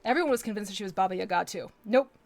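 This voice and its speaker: A woman's voice: medium pitch, very fast. A woman chatting casually on a live stream while she paints miniatures, rambling and correcting herself as she goes.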